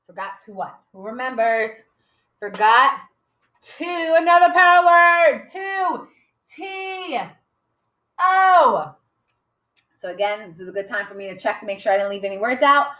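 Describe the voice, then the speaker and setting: A woman teacher slowly modeling a writing lesson for young children, sounding out letters with cheerful emphasis. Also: a little high, lively intonation, bright, forceful tone. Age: adult. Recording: echoey room.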